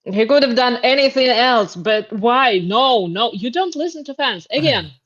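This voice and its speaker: A woman's voice: on the high side, animated, normal speed, fairly bright tone. Blunt woman on a dull lo-fi line. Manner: blunt, dismissive. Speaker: podcast co-host. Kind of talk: casual podcast chat. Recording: dull lo-fi sound.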